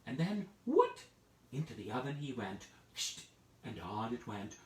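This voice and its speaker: A playful male storyteller telling a bedtime tale live online, slow and unhurried, his pitch rising and falling all over the place. He sits some way from the mic, and the room gives his voice a roomy echo. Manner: playful, lively, addresses listeners with hand-play prompts. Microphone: video call.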